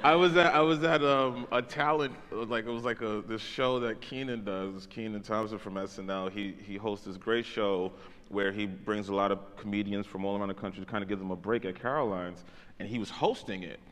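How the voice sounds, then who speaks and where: A man, a comedian on a conference panel, telling a rambling story in a relaxed, casual way. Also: lowish voice, a little fast, long reverb tail. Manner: laid-back, rambling, heavy on "like" and "you know". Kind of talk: casual onstage conversation, storytelling. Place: conference stage in a large hall.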